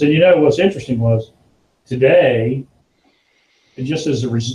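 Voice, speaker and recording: A man hosting a podcast, casually telling an animated story and now and then putting on a higher voice for the people in it. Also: roomy sound, low-quality recording. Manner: animated storyteller, acts out quotes in a higher voice, laughs often. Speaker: podcast host.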